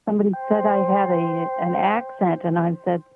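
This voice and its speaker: A woman's voice: fairly low pitch, steady tone, brisk, vocal fry. A woman from Cleveland calling in to a stream, giving short, modest replies. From Cleveland, Ohio. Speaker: caller. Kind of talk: casual call-in chat. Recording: tinny phone line, faint music.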